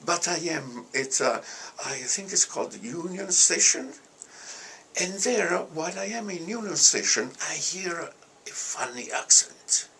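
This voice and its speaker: An older man with an Italian accent, recalling his past in an interview in a halting way, often starting over and laughing at himself. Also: fairly high pitch, animated, bright, forceful tone, a little hiss or hum. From Italy. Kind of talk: reminiscing interview.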